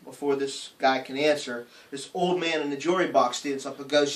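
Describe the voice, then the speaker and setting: A man's voice: a little high, steady tone, fairly quick, few pauses, distant mic. A man co-hosting a comedy show, rambling through a joke with fillers. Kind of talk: joke telling.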